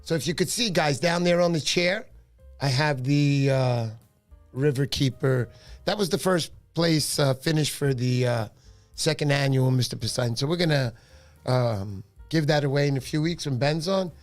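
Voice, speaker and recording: A tired man hosts a casual evening fishing livestream, his voice sitting quite high. He greets viewers one by one in a friendly, chatty way, with soft music faintly in the background. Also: moderate pace. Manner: friendly, shouts out viewers by name.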